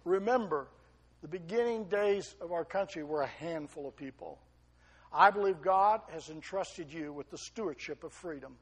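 A middle-aged man preaching a sermon, swinging between emphatic raised peaks and quiet asides. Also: a little high, lively intonation, normal speed, breathy edge. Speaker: pastor.

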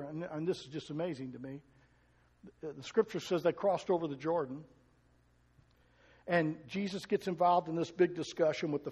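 A man's voice: high voice, darkish tone, slightly rough, long reverb tail. A male pastor preaching a sermon, talking to the congregation in a conversational way and asking it questions.

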